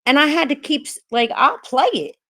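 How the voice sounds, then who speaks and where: Sitting high and a bit bright, this woman's voice moves at a normal speed as she runs a casual livestream. She calls out viewers by name but rambles, frustrated and upset, restarting often, hesitating and swearing.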